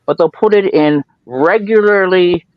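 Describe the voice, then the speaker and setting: Here the man's voice sits high and moves at a measured pace, with no echo. He's a podcast host in easygoing chat, spinning rambling tales and impersonating the people in them, all captured in dull lo-fi sound.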